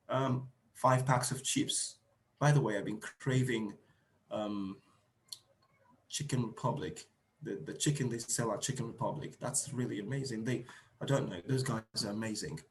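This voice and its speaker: A teacher trainer with a mid-range voice and moderate pace delivers an emphatic online seminar lecture to teachers over a video call. He repeats key phrases and acts out example lines.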